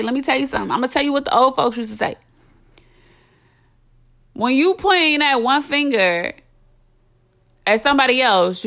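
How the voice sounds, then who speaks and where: A woman's voice: high voice, fairly bright tone. A young adult woman hosting a podcast, delivering a blunt, impassioned monologue full of swearing and emphatic repetition. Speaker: podcast host.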